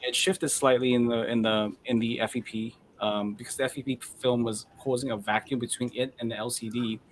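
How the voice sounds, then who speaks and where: Guy hosting a hobby stream, casual and rambly, keeps restarting his sentences, mid pitch. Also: level tone, a little hiss or hum. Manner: rambling, halting, many restarts. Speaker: host of a model-building stream. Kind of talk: casual chat.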